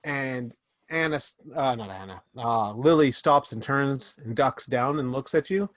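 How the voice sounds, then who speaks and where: A man running a tabletop game as game master, narrating scenes with quick restarts and fillers. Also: mid-range voice, no echo.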